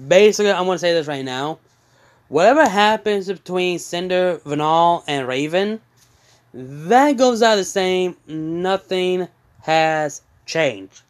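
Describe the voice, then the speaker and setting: A man casually retelling a fan story as a channel host, halting with fillers and self-corrections. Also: high voice, animated.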